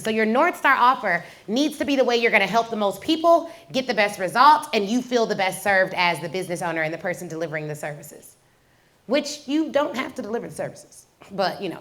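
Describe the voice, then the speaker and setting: Animated woman coaching in casual talk. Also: fairly high pitch. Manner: animated, rhetorical questions, conversational slang. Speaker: business coach and podcast host. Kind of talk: casual teaching talk with storytelling.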